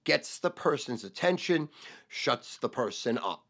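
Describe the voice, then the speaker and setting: Middle-aged new guy ranting about sales, gravelly, bright edge, yells the same word over and over. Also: mid-range voice, expressive, unhurried. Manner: shouts repeated keywords, crude and intense. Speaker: sales trainer. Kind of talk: profane motivational rant.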